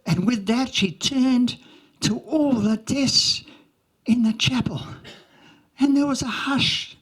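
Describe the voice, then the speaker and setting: A woman's voice: on the high side, slow pace, husky. A woman playing an earnest young schoolchild in a comic monologue, rambling with lots of "like" and childish grammar slips.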